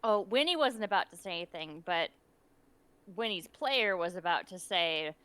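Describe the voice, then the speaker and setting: A woman's voice: on the low side, lively intonation, normal speed, bright, forceful tone, smooth, no echo. A woman player in a tabletop game, chatting casually about a remembered song.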